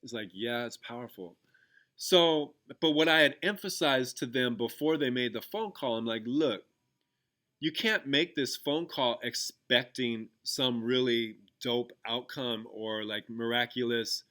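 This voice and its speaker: A man's voice: mid-range voice, measured pace, bright, forceful tone. A man who teaches and hosts a podcast, talking casually with lots of fillers as he guides listeners through an exercise and tells a story from class. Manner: conversational, loose with fillers and restarts, retells a classroom story. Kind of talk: casual podcast talk guiding a gratitude exercise.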